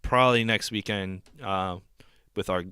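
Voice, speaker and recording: Low-voiced casual male podcast host. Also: measured pace, clean tone, no room sound. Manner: relaxed, filler-heavy. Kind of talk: casual chat.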